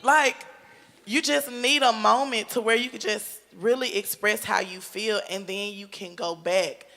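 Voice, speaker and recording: A woman's voice: mid-range voice, steady tone, normal speed, gravelly, pushed and bright, big-room sound. A woman on a panel speaking earnestly and emphatically in casual chat. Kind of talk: casual chat turning to exhortation.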